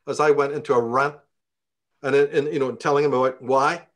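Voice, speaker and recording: A man's voice: fairly high pitch, quick pace. Profane, ranting man with a Belfast accent. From Northern Ireland. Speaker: interview guest. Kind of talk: storytelling in conversation.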